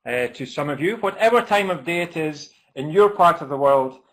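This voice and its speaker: A man with a fairly high voice opens an online webinar as its host. He greets viewers across the world in an upbeat, welcoming way. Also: animated, moderate pace, fairly bright tone.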